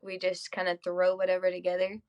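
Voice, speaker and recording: A teenage girl being interviewed, shy and soft-spoken, hesitant with ums. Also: on the low side, monotone, brisk. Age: teens. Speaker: high school softball player guest. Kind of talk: casual interview.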